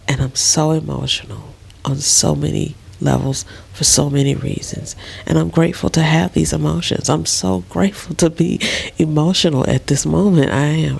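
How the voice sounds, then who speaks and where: A middle-aged woman lying in bed in a dark bedroom, talking slowly and emotionally in a soft, often half-whispered voice. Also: low-pitched, vocal fry, husky. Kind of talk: casual personal vlog.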